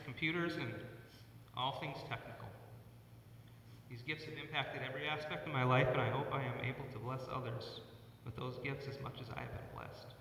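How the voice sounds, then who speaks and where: Man giving a halting eulogy in an echoey church. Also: mid-range voice, bright, forceful tone, slight background noise. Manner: halting, often repeats words; personal storytelling. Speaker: eulogist, son of the deceased; church worship leader. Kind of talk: funeral eulogy. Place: church sanctuary. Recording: echoey church hall from far off.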